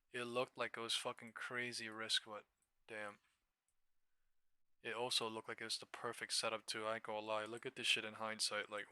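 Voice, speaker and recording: Excitable, profane man streaming trades. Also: mid-range voice, smooth, dry recording. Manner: excitable, profane, thinks aloud over charts. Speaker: live stock trading streamer. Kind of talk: casual live-stream commentary.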